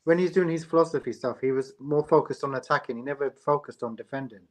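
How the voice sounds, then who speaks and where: A man's voice: medium pitch, fast. A man on a casual fan stream, arguing his side in short interjections. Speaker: stream guest. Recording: crowd noise behind.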